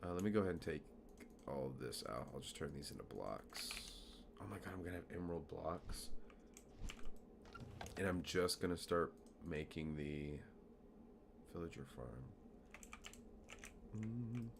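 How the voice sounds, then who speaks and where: Deep-voiced man rambling through a game stream. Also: animated, unhurried, vocal fry, pauses often, noisy background. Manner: rambling, chatty, self-mocking. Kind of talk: casual gameplay commentary.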